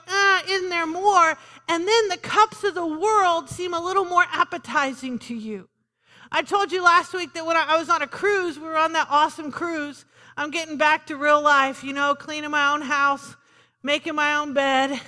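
A woman's voice: extremely high pitch, fairly even intonation, normal speed, sharp tone, big-room sound. A woman pastor preaching a sermon in a conversational, joking way, punctuated by calls of "Amen.".

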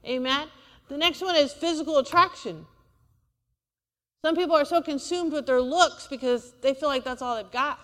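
A woman's voice: sits high, normal speed, a bit bright, long reverb tail. A woman preacher, delivering a sermon in a church and asking the congregation for amens. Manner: call-and-response preaching, asks for amens.

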